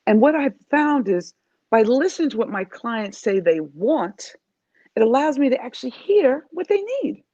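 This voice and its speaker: A woman from New York talks as a life coach in an interview. Her voice sits fairly high and swings widely as she makes her points with emphasis. The sound is dry and a little dull. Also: moderate pace, dry recording. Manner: animated, emphatic, acts out quoted voices. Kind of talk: interview conversation.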